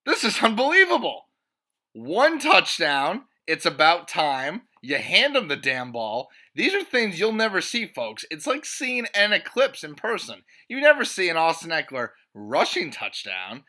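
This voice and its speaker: A man hosting a fantasy football league recap, sarcastic and excitable, with sudden loud bursts of mock disbelief. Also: fairly high pitch, normal speed, few pauses. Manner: sarcastic, excitable, profane, with swings between flat and loud disbelief. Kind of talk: comedic sports recap.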